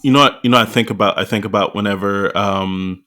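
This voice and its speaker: A man's voice: lowish voice, steady tone, fairly quick, bright, forceful tone. A man co-hosting a podcast, talking in an easygoing, playful, conversational way. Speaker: podcast co-host. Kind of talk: casual podcast discussion.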